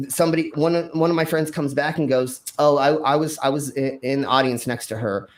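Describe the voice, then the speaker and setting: Speaking a bit quickly with few pauses, this stream host has a fairly high male voice. He tells a crazy tale from his past in a meandering, foul-mouthed way, stumbling through fillers and restarts while performing his own yelled lines.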